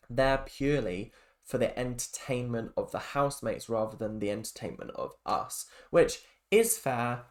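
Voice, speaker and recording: A young man talks through a reality show in a loose, rambling vlog. He has a mid-pitched voice and keeps circling back with fillers and restarts, in the easy tone of a casual opinion rant. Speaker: reality TV reaction vlogger.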